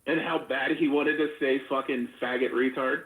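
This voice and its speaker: A man's voice: mid-range voice, fairly even intonation, moderate pace, narrow, tinny audio. Man, mocking, profane, casual voice room, echoey sound. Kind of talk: casual online voice-room chat. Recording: echoey online voice chat.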